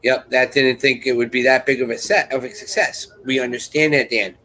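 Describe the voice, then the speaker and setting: A man's voice: medium pitch, fairly even intonation, a little fast, pushed and bright, rough recording. A man hosting a live chat, telling a rambling story and acting out other people's lines. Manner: rambling and repetitive, restarts sentences; acts out others' lines in quoted voices.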